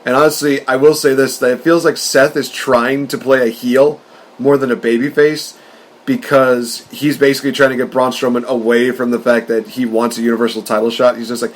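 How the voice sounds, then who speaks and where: A man co-hosting a podcast, talking in an excitable, rambling way and laughing often. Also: mid-range voice, a little fast. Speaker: podcast co-host. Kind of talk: casual wrestling chat.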